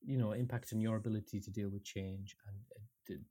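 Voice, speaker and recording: A man's voice: lowish voice, steady tone, fairly quick, dark tone, breathy edge. A man co-hosting a podcast over a call, thoughtful and self-questioning, with false starts. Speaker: podcast co-host. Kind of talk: casual podcast chat.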